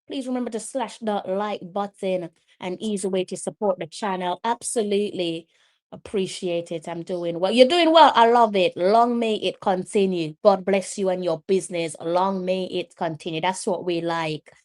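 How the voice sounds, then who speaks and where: A woman hosting a live watch-along, giving casual play-by-play commentary in a chatty way and breaking into loud exclamations at the action. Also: on the low side, steady tone, normal speed.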